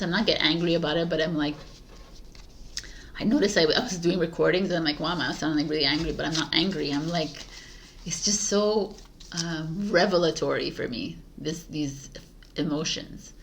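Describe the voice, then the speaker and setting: A Canadian tarot reader in middle age speaks to her viewers in a fairly low voice at a moderate pace, with slight background noise. Her casual spiritual talk to camera is passionate and animated, full of laughter and constant "like" fillers.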